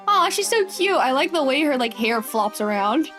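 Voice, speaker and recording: A young woman streaming a game, giggly and animated, poking fun at herself. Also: high voice, slow, soft background music. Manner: giggly, animated, self-mocking. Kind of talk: casual gameplay commentary.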